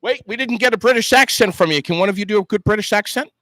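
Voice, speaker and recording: A man's voice: high voice, quick pace, bright, forceful tone, no room sound. A man hosting a live broadcast outside a movie theater, chatty and upbeat, with frequent fillers and restarts, speaking into a handheld microphone. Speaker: host. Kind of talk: casual live outdoor broadcast.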